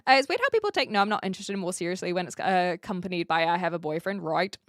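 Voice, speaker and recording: A woman from New Zealand livestreaming from an attic, chatting casually as she reads and answers her live chat, self-mocking and quick to laugh. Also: on the low side, lively intonation, no room sound, studio quality. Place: attic room.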